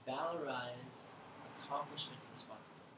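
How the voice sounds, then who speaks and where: A man's voice: medium pitch, a little fast. Rambling male lecturer in an echoey bookstore. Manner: rambling, irreverent, thinks aloud. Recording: echoey room with background noise.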